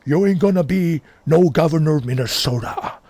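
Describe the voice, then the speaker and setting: A man doing an impression of a boastful, gruff middle-aged former wrestler turned governor, taunting and challenging. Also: on the high side, normal speed, darkish tone, no echo, pitched above the performer's own voice.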